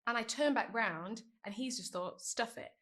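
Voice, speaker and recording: A woman in her thirties, a guest on a podcast, telling a story in a lively, animated way and laughing as she goes. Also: fairly high pitch, moderate pace. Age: 30s. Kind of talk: casual storytelling chat.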